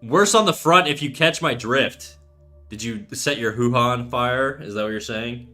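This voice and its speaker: A man's voice: medium pitch, moderate pace, sharp tone, soft background music. A man in his thirties hosting a drawing livestream, chatting casually and profanely as he reads chat aloud. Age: 30s. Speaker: art livestreamer.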